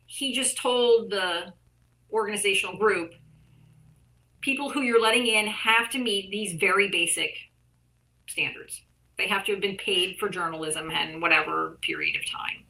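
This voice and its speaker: Blunt, bright-voiced woman venting. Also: on the high side, low-quality recording. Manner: blunt, profane, heated. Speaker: artist and activist guest. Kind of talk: casual interview chat.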